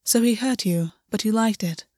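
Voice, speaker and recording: A woman voicing a stern fey man who is a tender but commanding lover, speaking in a measured, quietly intense way. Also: medium pitch, no room sound, studio quality, close to an everyday voice. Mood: intent. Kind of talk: audiobook reading.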